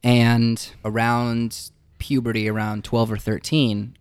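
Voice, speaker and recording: A man, a musician guest, telling his life story in a casual interview, reflective and halting with fillers. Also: medium pitch, monotone, clean tone, no room sound.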